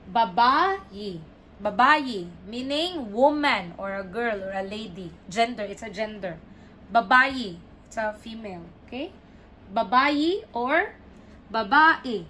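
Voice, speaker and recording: A woman teacher giving a pronunciation lesson, repeating each word and stressing its syllables clearly. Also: a little high, fairly bright tone, slight background noise. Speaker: language teacher. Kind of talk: slow, deliberate pronunciation lesson.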